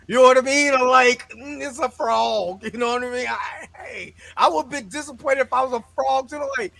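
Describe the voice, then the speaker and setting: A man hosting a casual movie review chat, animated and joking, full of slang; he has a son. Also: extremely high pitch, normal speed, creaky. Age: adult parent. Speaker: show host.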